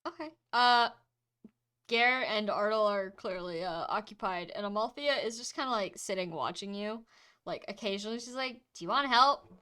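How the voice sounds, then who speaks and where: A woman's voice: medium pitch, normal speed, fairly bright tone, clear, resonant tone. A woman acting as game master of a tabletop role-play game, narrating in a playful, giggly, chatty way.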